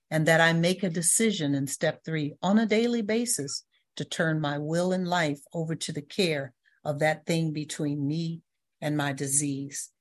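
An older woman giving a personal testimony talk at a recovery meeting, telling stories and acting out the voices in them. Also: low-pitched. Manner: storytelling, acts out quoted voices, laughs.

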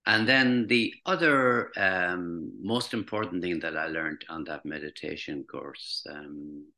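A man's voice: low voice, takes it slowly, pushed and bright. A man in his sixties, once a teacher, tells a personal story in a reflective, hesitant way, with many restarts. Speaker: former teacher recounting recovery.

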